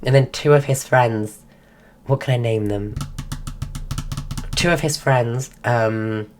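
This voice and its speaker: Very low-voiced woman losing her voice. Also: takes it slowly, a little mellow, slight background noise. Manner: rambling, full of restarts. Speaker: streamer. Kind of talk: casual storytelling.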